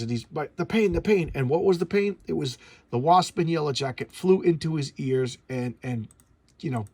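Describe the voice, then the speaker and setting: This middle-aged comic collector hosts a casual review chat about old comics, and his medium-pitched voice sounds husky and a little mellow. He rambles enthusiastically, stammering and restarting often.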